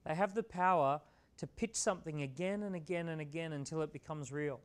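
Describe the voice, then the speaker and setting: Casual, slightly high-voiced male keynote speaker. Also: brisk, smooth. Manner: casual and conversational, often adding "right?". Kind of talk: motivational talk at a live event.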